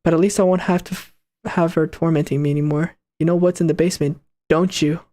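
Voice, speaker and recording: A man casually commenting on a game he plays for the first time, reading its lines aloud and bursting into slangy, excitable reactions. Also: fairly high pitch, fast. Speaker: gaming channel host.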